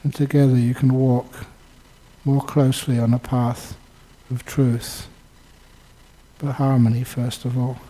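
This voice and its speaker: An older man, a Buddhist monk, giving a dharma talk with lively storytelling and chuckles. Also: mid-range voice, unhurried, low-quality recording. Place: Buddhist centre.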